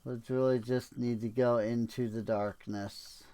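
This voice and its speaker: A man's voice: medium pitch, flat delivery, measured pace, dark tone. A man streaming a game, musing and wry as he talks through his play with frequent fillers. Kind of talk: game commentary.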